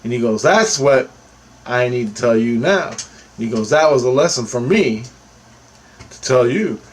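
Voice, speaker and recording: A man telling a personal story in a rambling, casual way, getting animated when he quotes what others said. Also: medium pitch, moderate pace, slight background noise, poor audio.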